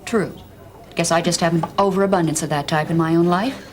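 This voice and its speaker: A woman's voice: lowish voice, steady tone, a little fast, lightly acted. An actress playing a proper, reproachful senior woman in a hospital TV drama, speaking sternly. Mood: guarded. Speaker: senior hospital staff member. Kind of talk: daytime TV drama acting.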